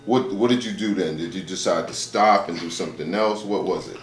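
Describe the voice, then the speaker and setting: A man's voice: low-pitched, fairly quick, reverberant. A man interviewing a guest casually, asking questions and giving short encouraging replies. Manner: brief, encouraging affirmations.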